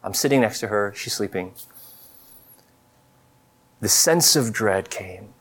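A man in his thirties telling a personal testimony in a sermon, earnest and confessional, halting with many fillers and restarts. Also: fairly low pitch, expressive, fairly bright tone. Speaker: preacher.

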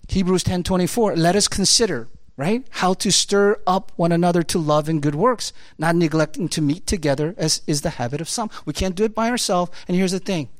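A pastor preaching a sermon in a conversational, emphatic way, with rapid rhetorical questions and repeated key phrases. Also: mid-range voice, no echo.

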